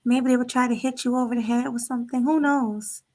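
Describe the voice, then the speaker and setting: A woman's voice: a little high, fairly even intonation, brisk, darkish tone. A woman co-hosting a casual chat, mostly answering with short agreeing replies. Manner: brief agreeing backchannel replies. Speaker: co-host.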